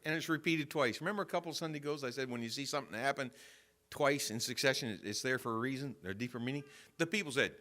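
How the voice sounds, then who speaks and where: Bright-voiced man preaching a sermon. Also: medium pitch, fast talker. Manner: animated storytelling, swings from quiet to loud emphasis. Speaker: pastor. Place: church sanctuary.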